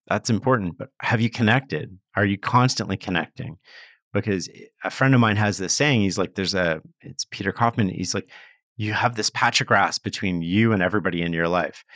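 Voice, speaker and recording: A man's voice: sits low, a bit bright, dry recording, studio quality. A man who is a guest on a podcast, giving advice in an earnest, explanatory way with plenty of casual fillers. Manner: earnest, explanatory, uses many fillers like "like" and "sort of". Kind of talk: conversational advice.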